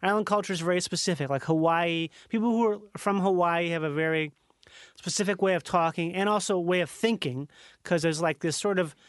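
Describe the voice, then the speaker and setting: A man's voice: high voice, brisk, clean tone, dry recording, studio quality. A man from Chicago in casual, rambling, profane chat about accents.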